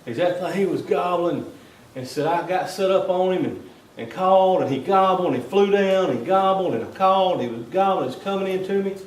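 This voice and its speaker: A man's voice: high voice, expressive, a little fast. Joking Southern man in an echoey hall. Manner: joking, drawling, tags lines with "okay?". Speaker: wildlife biologist giving a talk. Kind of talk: folksy presentation to landowners. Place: meeting hall. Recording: echoey hall from some distance.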